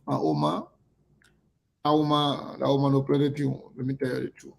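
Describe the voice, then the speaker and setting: Gravelly-voiced man hosting a live show. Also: medium pitch, level tone, a little hiss or hum. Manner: halting, repeats himself, greets viewers by name. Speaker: online talk show host. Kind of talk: casual live-stream chat.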